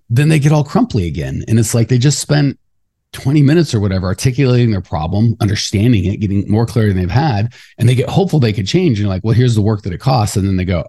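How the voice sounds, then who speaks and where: A man co-hosting a podcast in casual chat, talking fast and getting fired up, acting out quoted voices along the way. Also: fairly low pitch. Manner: fast, animated, ranty. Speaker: podcast co-host.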